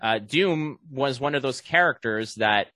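A man's voice: medium pitch, expressive, unhurried, bright, forceful tone, no room sound, studio quality. A man co-hosting a podcast in casual chat, loose and rambling, with jokey comparisons. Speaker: podcast co-host.

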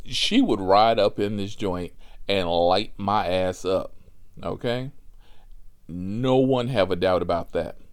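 A rideshare driver telling a personal story, profane and animated, with laughing asides. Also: male voice, low voice, slow pace, clear, resonant tone.

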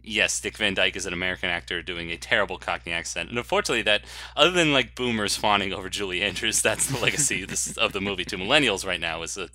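A man's voice: sits low, fast, few pauses, bright, forceful tone. A man co-hosting a movie podcast in casual chat, wry and teasing. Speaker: podcast co-host.

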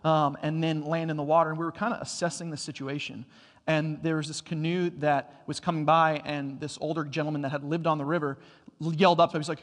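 A man preaching a sermon, telling a story that swells to loud bursts and falls back to quiet, slow emphasis. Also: fairly high pitch. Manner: storytelling, builds to loud excited bursts then drops quiet. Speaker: pastor. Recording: long hall reverb.

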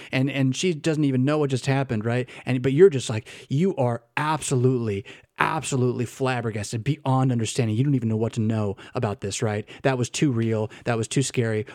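A man teaching on scripture in an animated, talky way. He repeats words as he thinks aloud and keeps asking "right?" His voice sits at a middling pitch, and the sound is dry and close. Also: no echo. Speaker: Bible teacher. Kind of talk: conversational Bible teaching with scripture reading.

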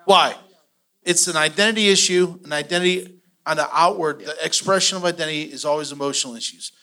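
A middle-aged man teaching a church finance class, telling stories with animated, acted-out quotes. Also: fairly high pitch, fast talker. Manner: animated storytelling, acts out quotes.

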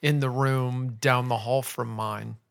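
A young man with a gravelly, creaky voice, co-hosting a podcast and jumping in with dry, sarcastic jabs. He keeps an easygoing, mid-pitched tone while he teases. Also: fairly even intonation, slow. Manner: teasing, sarcastic banter. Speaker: podcast co-host. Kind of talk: casual chat.

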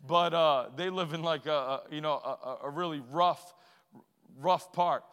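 Male preacher from Portugal, bright storytelling voice, testimony sermon with long hall reverb. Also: on the high side, measured pace, clear, resonant tone. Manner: storytelling, rising to emphatic preaching.

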